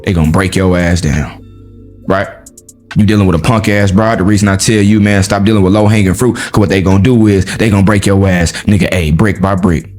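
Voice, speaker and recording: A man hosting a podcast, giving a blunt motivational monologue in profane street slang, jumping from high exclaims to low, heavy emphasis. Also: fairly even intonation, fairly quick, a little mellow, faint music behind. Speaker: podcast host.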